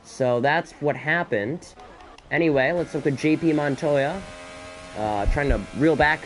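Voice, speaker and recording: A man doing solo live commentary on an esports race, excitable and a bit out of breath, with chatty asides between the action. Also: on the high side, unhurried, faint music behind. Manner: excitable, rising to shouts in battles, chatty asides.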